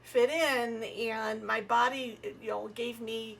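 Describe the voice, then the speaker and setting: A woman's voice: a little high, slow pace, creaky, a little hiss or hum. A woman comedian and podcast guest chatting casually and telling personal stories, acting out the voices of the people in them. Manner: animated, acts out voices in her stories. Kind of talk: casual storytelling chat.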